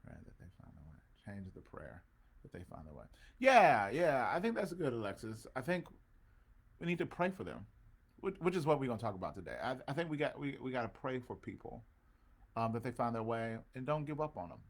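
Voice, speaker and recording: This man's voice is gravelly and medium-pitched, swinging widely in pitch at a fairly quick pace. As pastor of an online show, he talks loosely with his flock, calls out viewers by name, and swells like a preacher.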